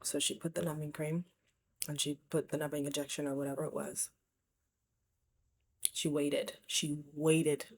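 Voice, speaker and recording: Low breathy woman vlogging, candid and reflective, drops to near whispers a lot. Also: level tone, fast talker. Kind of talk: personal storytelling to camera.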